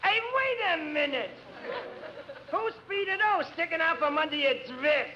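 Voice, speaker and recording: A man's voice: very high-pitched, very animated, normal speed, highs cut off, crowd noise. A man playing a dim, blunt guy, tacking "see?" onto his lines. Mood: gruff. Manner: gruff, blunt, adds "see?". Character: big dim tough-guy male brute. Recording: scratchy 1940s radio, studio audience.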